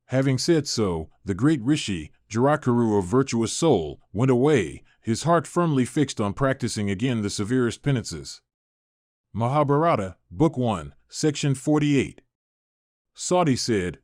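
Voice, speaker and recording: A man narrating an old epic translation in a measured, formal audiobook reading. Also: medium pitch, lively intonation, a little mellow, no echo, clean studio sound.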